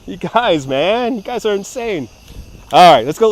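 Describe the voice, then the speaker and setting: With a voice on the high side and lively intonation, a man livestreams at an unhurried pace from an amusement park, holding his phone on a handheld gimbal. There's slight background noise as he rambles, laughs, swears and reads out viewer messages.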